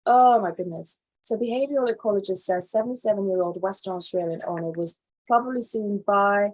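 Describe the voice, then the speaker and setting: A woman hosting a live animal news show, reading stories aloud and reacting to them in casual, animated commentary. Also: medium pitch, a little fast. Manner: animated, reacts loudly then drops to quiet asides.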